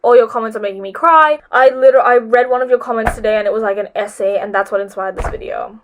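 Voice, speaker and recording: A woman's voice: on the high side, fast talker, a little hiss or hum. A teenage girl vlogging advice to her viewers, gushing and rambling with lots of filler words, emotional and close to tears. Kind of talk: casual advice vlog.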